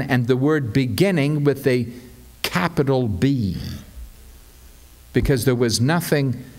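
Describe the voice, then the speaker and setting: A man preaching a sermon as pastor, explaining scripture with emphatic, deliberate delivery. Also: mid-range voice.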